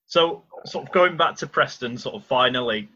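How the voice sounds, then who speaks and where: A man's voice: mid-range voice, animated, normal speed, bright, forceful tone, dull audio. A man hosting a podcast, asking hesitant, filler-laden questions in a casual interview. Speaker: podcast host.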